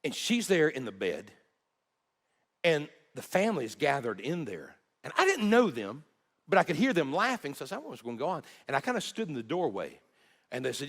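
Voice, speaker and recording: A male pastor preaching, telling a personal story with earnest, halting repeats and hushed dips. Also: on the high side, big pitch swings, big-room sound. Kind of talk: sermon storytelling.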